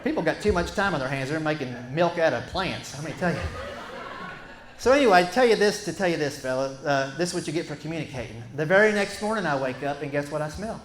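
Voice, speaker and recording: A middle-aged man doing a folksy, animated stand-up story, acting out what he and his wife said. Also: a little high, fast talker. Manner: folksy, animated, acts out quotes. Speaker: stand-up comedian. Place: stage before a live audience. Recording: echoey room with background noise.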